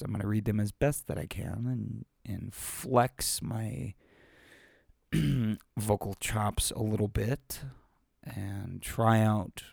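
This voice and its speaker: Amateur male reader, casual chat, unhurried and rambling, dry close sound. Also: lowish voice, creaky, a little mellow, no room sound. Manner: rambling, self-deprecating, with frequent fillers. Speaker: amateur reader of children's stories. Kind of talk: casual chat after a reading.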